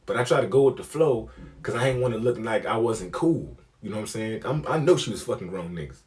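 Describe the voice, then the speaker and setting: Profane, animated male comedian, low voice. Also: fast. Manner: animated, profane, acts out quotes. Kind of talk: storytelling comedy.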